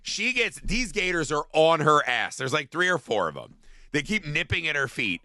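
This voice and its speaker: Animated, bright-voiced man riffing on a movie. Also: on the high side, moderate pace, dry recording, studio quality. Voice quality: profane, animated storytelling with acted-out quotes. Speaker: podcast co-host. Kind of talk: casual movie-review chat.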